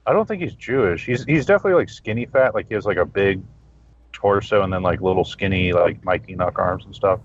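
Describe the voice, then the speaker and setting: A male podcast guest chatting casually, rambling and swearing in a relaxed way. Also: low-pitched, fairly quick, slight background noise. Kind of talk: casual profane chat. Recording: dull lo-fi sound.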